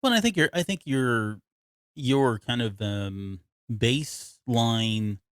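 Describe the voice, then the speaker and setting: A podcast co-host speaks slowly and animatedly in a medium-pitched, fairly bright, clean voice. He rambles through casual chat, interrupts himself, and laughs often. The studio sound is clean and dry.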